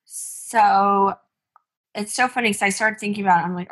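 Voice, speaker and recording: A woman in her thirties, a mother and business owner, telling stories in a chatty, animated way with many fillers as a podcast co-host. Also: medium pitch, moderate pace. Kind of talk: casual chat.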